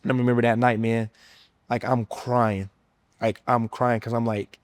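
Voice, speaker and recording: A man's voice: medium pitch, completely flat delivery, brisk, dry recording. Earnest young man telling his story. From United States. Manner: informal, frequent fillers like "man" and "you know", earnest. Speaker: former college football player sharing testimony. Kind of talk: personal faith testimony, casual storytelling.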